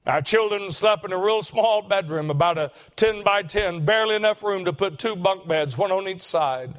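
An older man, preaching a sermon and telling a heartfelt story, slowing down for emphasis. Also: sits high, a bit bright. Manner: emotional, slows for emphasis.

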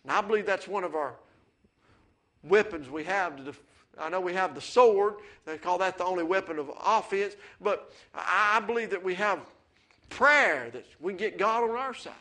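A man preaching a sermon, mixing folksy family stories with rising, excited calls of amen. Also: sits high, normal speed. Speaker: pastor.

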